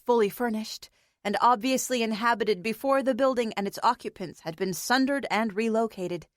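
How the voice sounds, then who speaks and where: A woman's voice: a little high, no room sound. Woman narrating an audiobook, dry sound.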